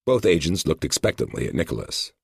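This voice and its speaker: A man narrating a book in a measured storytelling way. His voice is very low and gravelly with a husky grain, and the recording is dry and close. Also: sing-song, no echo. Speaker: audiobook narrator. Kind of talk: scripted narration.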